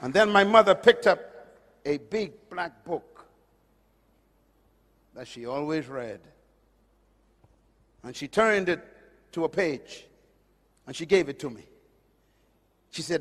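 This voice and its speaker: A man preaching a sermon, emphatic, swinging from loud declarations to hushed lines. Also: on the high side, unhurried, long pauses. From Caribbean island. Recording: long hall reverb.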